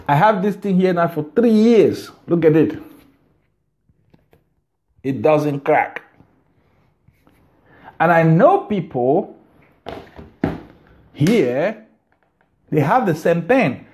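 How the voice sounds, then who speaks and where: A man's voice: a little high, expressive, takes it slowly, long pauses. A middle-aged man with a Nigerian accent, talking to his viewers at home in a rambling, emphatic way, often repeating his words. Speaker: vlogger. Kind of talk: casual monologue to camera. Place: his house.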